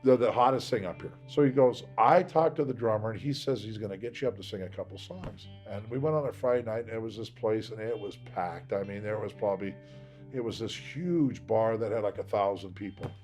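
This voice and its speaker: A man's voice: on the low side, fairly quick, darkish tone, faint music behind. A man from Seattle giving a candid, rambling interview, acting out the voices of people he quotes. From Seattle, USA. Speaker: interviewee, singer.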